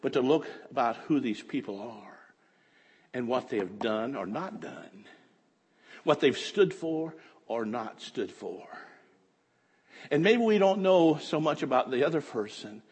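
A man preaching a fervent sermon that swings from quiet talk to shouting. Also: medium pitch, animated, unhurried, pauses often, husky. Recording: echoey hall.

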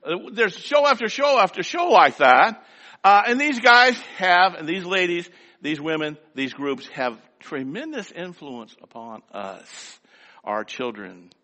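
A man's voice: sits high, big pitch swings, measured pace, pushed and bright, in a large hall, highs cut off. An older man preaching a sermon in a folksy, rhythmic way, with lots of repetition. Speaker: pastor.

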